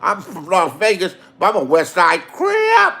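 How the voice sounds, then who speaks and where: A man's voice: high-pitched, huge pitch swings, measured pace, creaky, sharp tone, exaggerated voice. A man voicing a brash, boastful adult man who throws out profane threats in a domineering way. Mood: furious.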